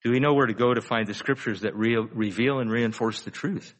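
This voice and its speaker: Speaking briskly at a medium pitch, an older pastor gives an easygoing sermon that feels like conversation. He leans on rhetorical questions and stretches important phrases to make them land.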